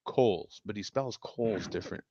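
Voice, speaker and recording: A man from the United States hosting a casual chat show, reacting to viewer comments with frequent laughs and animated exclamations. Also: lowish voice, measured pace, a little hiss or hum. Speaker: show host. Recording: dull, dry lo-fi sound.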